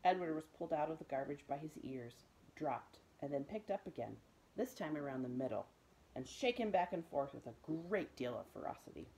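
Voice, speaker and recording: A woman librarian reading a children's book aloud in a gentle, expressive storytelling voice. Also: sits low, fairly quick, rough recording. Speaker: school librarian.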